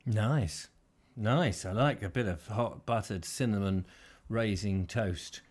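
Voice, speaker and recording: A man's voice: fairly low pitch, takes it slowly. A man hosting a casual chat show, rambling and hesitant, full of fillers and restarts. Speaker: host.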